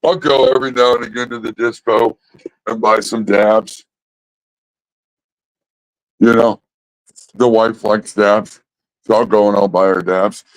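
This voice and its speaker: A man's voice: on the low side, fairly even intonation, unhurried, pauses often, dry recording, rough recording. A middle-aged man hosting a livestream, chatting casually in a rambling way, swearing freely. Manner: rambling and heavily profane. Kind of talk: casual chat.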